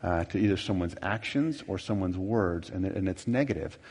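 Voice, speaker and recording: Middle-aged male seminar host, low-ish voice, folksy and rambling, reverberant hall sound. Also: animated, moderate pace, darkish tone, breathy edge. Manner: folksy, rambling, self-deprecating with many fillers. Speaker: marriage workshop speaker. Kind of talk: conversational seminar teaching.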